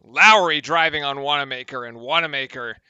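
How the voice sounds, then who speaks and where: A man calling basketball play-by-play in a very bright, crisp voice. He snaps through the action with brisk energy. The sound is close and dry, with no room around it. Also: mid-range voice, no echo, lo-fi sound. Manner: brisk, excited calls of the action. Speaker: play-by-play commentator.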